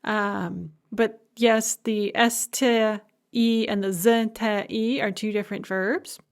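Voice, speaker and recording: A woman delivers a recorded language lecture, patiently explaining grammar and slowing down to pronounce example words, with a touch of light humor. Her voice is mid-range with fairly even intonation.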